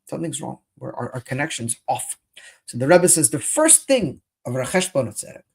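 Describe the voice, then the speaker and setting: A man's voice: medium pitch, big pitch swings, fairly quick, breathy edge. Impassioned man giving a Torah lecture. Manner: impassioned, rising to near-shouting indignation; mixes Hebrew and Yiddish phrases into English. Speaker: rabbi teaching Chassidus.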